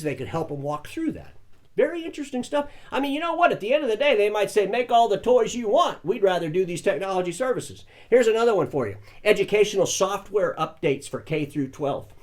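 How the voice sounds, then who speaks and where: Mock-earnest older man, lively pitch. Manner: folksy, mock-earnest, chuckling asides. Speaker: satire news host. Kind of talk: deadpan satirical news monologue.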